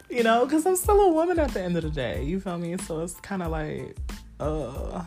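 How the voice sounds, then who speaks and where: Brief: low-pitched woman in her twenties, candid solo podcast host, salty and laughing, soft music behind. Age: 20s. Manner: frank, profane, laughing, talks straight to listeners.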